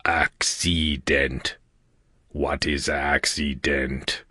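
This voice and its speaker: A booming giant alien brute. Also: male voice, level tone, bright, forceful tone, no echo, studio quality, heavily acted. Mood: interrogating. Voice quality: booming, broken English. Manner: terse, halting questions. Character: huge male alien warrior, grim. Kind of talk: audiobook character voice.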